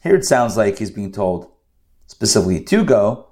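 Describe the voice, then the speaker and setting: A man's voice: on the low side, sing-song, normal speed, darkish tone. A man teaching a scripture lesson in a conversational way, with joking asides and phrases repeated for emphasis. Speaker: Bible teacher.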